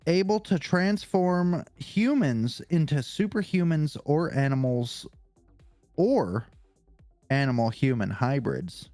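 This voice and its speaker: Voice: medium pitch, expressive, slow, a little mellow, no echo, soft background music. Casual podcast host with a dry sound. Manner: casual, swears, stumbles over hard names. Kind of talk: reading a character profile aloud.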